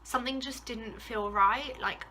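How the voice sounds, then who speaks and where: Recounting a personal ordeal to camera, a young vlogger from England speaks unhurriedly in a voice on the high side with a sharp tone, over a little hiss or hum. Her storytime chat rambles, packed with "like" and other fillers, and turns emotional at times.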